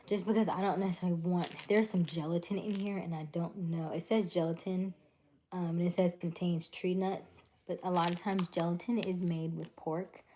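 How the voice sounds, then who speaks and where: A middle-aged woman hosts a laid-back livestream from home, speaking into a webcam mic. Her voice sits low and warm, and she stays animated as she tells stories and plays out dialogues. Between stories she reads the chat aloud. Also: moderate pace, a little hiss or hum. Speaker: livestream host.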